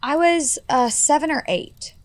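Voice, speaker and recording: A woman's voice: high-pitched, a little slow, no room sound. Earnest young woman, dry close sound. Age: 20s. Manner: earnest, heavy on fillers like "like" and "you know". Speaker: guest. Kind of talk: personal storytelling in a podcast interview.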